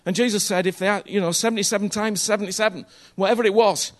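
High-voiced man preaching earnestly. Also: steady tone, fast. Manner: earnest, conversational, checks in with "you understand me?"; repeats phrases for emphasis. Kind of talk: sermon.

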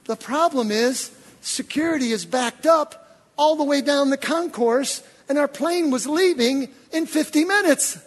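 An older man preaching, telling a story from the pulpit, swinging between low, quiet asides and loud, excited outbursts. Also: unhurried. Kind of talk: sermon storytelling. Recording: long reverb of a large hall.

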